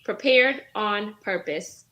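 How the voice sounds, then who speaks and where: A woman's voice: medium pitch, slow, bright, forceful tone, lo-fi sound. A woman guest on a podcast, chatting casually in an upbeat, encouraging way. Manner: upbeat and encouraging, motivational phrasing. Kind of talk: casual chat.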